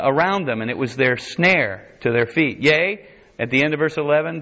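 Male preacher, verse-by-verse teaching, slightly high voice, reads scripture then explains, dull lo-fi recording. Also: fairly bright tone. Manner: reads King James scripture aloud, then explains it plainly; frequent restarts and self-corrections. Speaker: Bible teacher. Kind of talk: verse-by-verse sermon.

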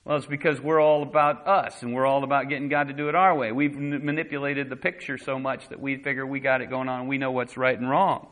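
A man's voice: medium pitch, level tone, fast talker, hardly any pauses, fairly bright tone, poor audio. A man preaching a sermon as pastor, talking conversationally and voicing quotes dramatically.

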